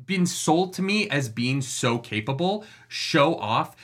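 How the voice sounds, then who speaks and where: Slow and expressive, a podcast co-host with a medium, slightly bright voice rants with passion during an informal book discussion. Lots of swearing comes through, and the quoted characters get acted out.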